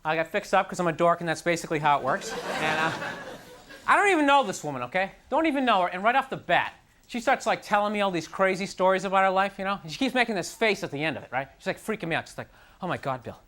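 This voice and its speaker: A man performing a stand-up comedy routine on a club stage, ranting in an animated, self-deprecating way into a handheld mic. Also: high voice, fast. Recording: live club recording with audience noise.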